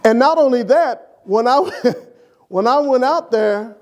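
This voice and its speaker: Speaking slowly in an extremely high voice, an elderly church deacon shares humorous, affectionate memories of his late wife with an interviewer. His animated, lively storytelling makes the remembrance warm and funny.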